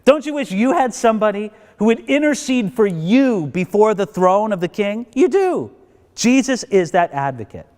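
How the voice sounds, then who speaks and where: A man teaching a Bible college lecture, telling the story in a lively way and acting out the characters. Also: high voice, normal speed. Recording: long hall reverb.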